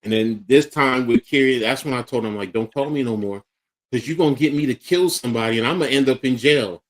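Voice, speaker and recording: A middle-aged man with a Philadelphia accent tells family stories on a casual talk show. He slips into the voices of the people in them as he goes. His voice sits at an ordinary pitch for a man. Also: a little fast. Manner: animated storyteller acting out quotes. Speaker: podcast co-host. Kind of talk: casual storytelling chat.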